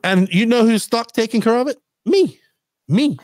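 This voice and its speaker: A middle-aged man hosting a podcast, telling rambling, animated stories in casual chat. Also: very high voice, quick pace, dry recording, studio quality. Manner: rambling, animated storytelling with laughs. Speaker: podcast host.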